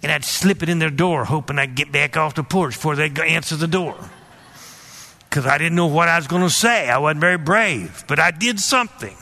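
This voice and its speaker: Bright-voiced man preaching with emphatic asides. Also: fairly high pitch, fairly quick, creaky. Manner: storytelling, repeats words, emphatic asides. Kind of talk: sermon.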